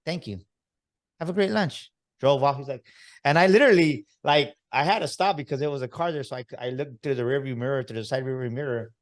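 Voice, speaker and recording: A man's voice: medium pitch, fast talker. A man hosting a motivational podcast, talking straight to his listeners with energy and a preaching tone. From Texas. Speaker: podcast host.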